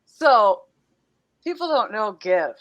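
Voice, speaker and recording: Middle-aged woman guest, animated storyteller, laughs a lot, casual podcast chat. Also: fairly high pitch, slow pace, muffled recording.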